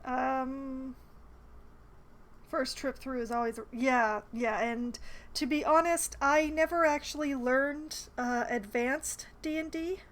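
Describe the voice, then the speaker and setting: A woman's voice: sits high, steady tone, slow pace, a bit bright. A woman casually commenting while she plays a game, chatty and a bit hesitant, poking fun at herself. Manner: chatty, hesitant, self-deprecating. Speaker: streamer playing a game.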